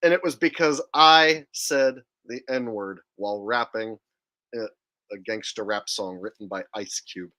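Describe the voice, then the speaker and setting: Bright-voiced man ranting on a live stream. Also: lowish voice, unhurried. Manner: incredulous, profane, digressive. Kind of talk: casual live-stream commentary.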